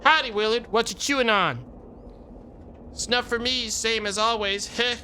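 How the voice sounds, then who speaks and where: A man's voice: very high voice, a little slow, pushed and bright, slight background noise, voice pushed up, exaggerated voice. A man voicing a grizzled old western cowhand who talks in a twangy, folksy frontier drawl.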